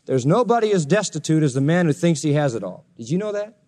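Animated preacher in an echoing hall. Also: male voice, on the high side, fast. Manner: animated, jokey, mocks in sarcastic voices. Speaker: pastor. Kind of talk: expository sermon. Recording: long reverb of a large hall.

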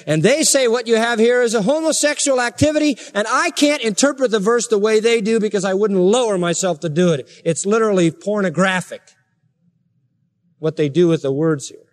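A man's voice: high-pitched, a little fast. A man preaching a sermon, reading scripture aloud and rising sharply in emphatic indignation. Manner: reads scripture aloud in King James wording.

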